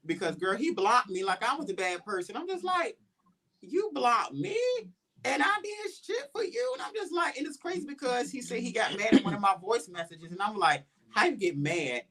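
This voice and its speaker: A man hosting a casual podcast chat, telling a personal story in an animated way and often quoting his own thoughts aloud. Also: sits high, fairly quick, hardly any pauses. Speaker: podcast host.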